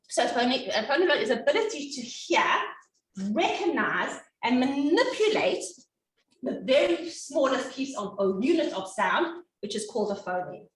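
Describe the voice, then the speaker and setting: A woman giving an educational talk as a reading specialist, animated and acting out sounds the way she does with children. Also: a little high, a little hiss or hum. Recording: echoey room, distant mic.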